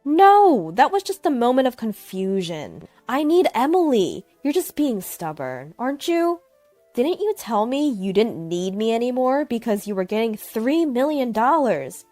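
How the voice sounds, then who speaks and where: An arrogant ex-husband turned desperate, voiced with a lively swing of pitch and a dry, close sound by a woman narrator. He begs loudly, his voice climbing high. It is a storytelling reading over faint music. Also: unhurried, dry recording. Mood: pleading.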